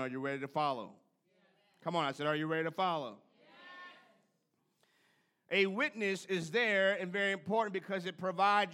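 In a church sanctuary, a pastor with a high, sharp voice preaches a sermon with mounting fervor. He calls out to the congregation in a preacherly, call-and-response style.

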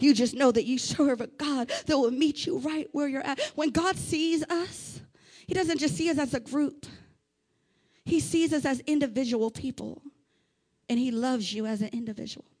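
A woman preacher with a high, bright-pitched voice delivers a fervent sermon. She moves between quiet, intimate passages and loud shouted exhortations, often asking the congregation to repeat her words.

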